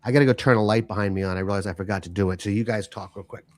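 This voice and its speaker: A man hosting a podcast, chatting casually in a relaxed, conversational way. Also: lowish voice, racing. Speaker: podcast host. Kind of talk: casual chat.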